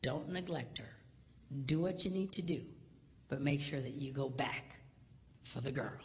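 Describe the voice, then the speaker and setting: A male seminar speaker addressing a live audience in a comedic, preacher-like way. He swings from hushed near-whispers to loud, laughing shouts. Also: mid-range voice, unhurried. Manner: preacher-like exhortation. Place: large hall before a live audience. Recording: hall reverb with faint noise.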